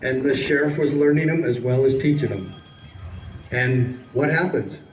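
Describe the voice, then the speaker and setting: A man's voice: medium pitch, normal speed, echoey room, far from the mic, a little hiss or hum, rough recording. A man who is a sheriff and political activist gives an impassioned, emphatic speech outdoors, telling a story like a preacher. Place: outdoors at a city hall.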